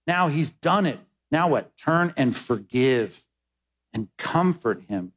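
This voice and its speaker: A male pastor preaching a sermon, reading scripture aloud and swinging between emphatic peaks and quiet asides. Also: on the high side.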